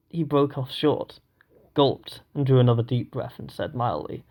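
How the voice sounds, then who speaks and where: A man reading an audiobook, narrating in a steady, even voice. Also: medium pitch, moderate pace. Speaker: audiobook reader.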